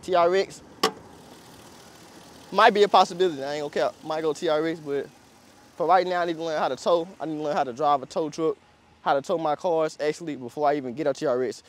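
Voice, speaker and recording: A man's voice: fairly high pitch, fast. A young man, chatting casually and laughing as he shows off a pickup truck outdoors. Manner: slangy, rambling, laughs often. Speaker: car vlogger. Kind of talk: casual vlog walkaround.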